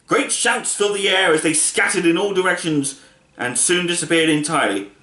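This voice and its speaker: A man reading a children's book aloud in a playful, expressive way. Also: sits high, a little fast. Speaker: storybook reader. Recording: echoey room.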